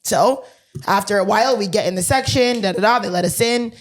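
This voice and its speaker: A woman co-hosting a podcast who tells a story in casual chat, animated, swearing freely and acting out the dialogue. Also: medium pitch, fairly quick. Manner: animated, swears freely, laughs mid-sentence; acts out quoted dialogue. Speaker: podcast co-host.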